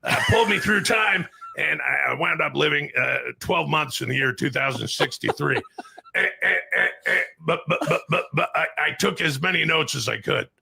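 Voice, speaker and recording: A man putting on a blustering male talk-show ranter with a heavily gravelly, husky voice. The tone is sharp and bright, and he stammers and shouts his way through every wild claim. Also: fairly high pitch, normal speed, heavily acted. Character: ranting gravelly male conspiracy talk host.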